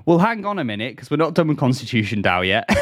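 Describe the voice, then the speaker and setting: A man with a medium-pitched voice talks at a quick pace, his pitch swinging widely. Co-hosting a casual news podcast, he reads out stories but keeps breaking into giggles and laughter.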